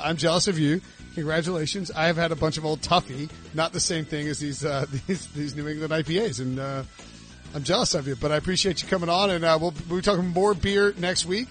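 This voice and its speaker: Chatty high-voiced man hosting a podcast. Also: a bit bright. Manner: chatty, jokey, lots of fillers and restarts. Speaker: podcast host. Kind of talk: casual sports podcast chat. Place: southern US.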